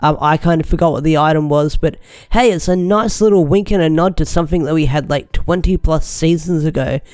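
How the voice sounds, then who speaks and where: A young man talks through a casual video review with lots of enthusiasm, looping back and restarting his sentences. His voice sits a little high and comes through smooth and clear. The recording is dry and close. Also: brisk, darkish tone, no echo. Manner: chatty, enthusiastic, rambling with restarts. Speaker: show reviewer.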